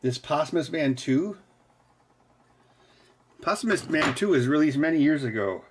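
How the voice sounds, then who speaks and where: A man's voice: on the high side, animated, a little slow, background noise. A man hosting a casual livestream while he works, rambling along with dry, teasing humor. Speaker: host of a hardware hacking stream.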